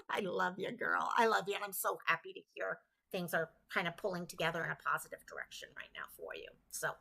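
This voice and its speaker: A woman's voice: on the low side, animated, a little fast, vocal fry, bright, forceful tone. A woman hosting a casual livestream, talking to her community in a chatty way and stopping to greet viewers by name. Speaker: livestream host.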